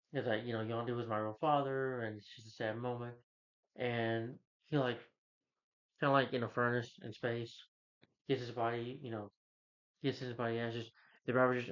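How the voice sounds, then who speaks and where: A man casually recapping a movie plot, rambling and filling with "like" and "you know.". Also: mid-range voice. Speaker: movie reviewer. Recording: dull lo-fi recording.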